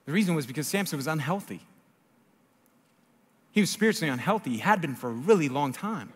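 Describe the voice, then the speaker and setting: A man preaching a sermon, telling a story in an animated way that jumps between loud emphasis and hushed asides. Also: a little high, quick pace, husky, in a large hall. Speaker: pastor.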